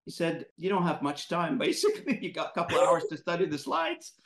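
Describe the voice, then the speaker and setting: Host, male, slightly high voice, animated storyteller, roomy echo. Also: fairly quick. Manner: animated, laughing storyteller who acts out quotes. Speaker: podcast host, moderator. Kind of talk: casual storytelling in conversation.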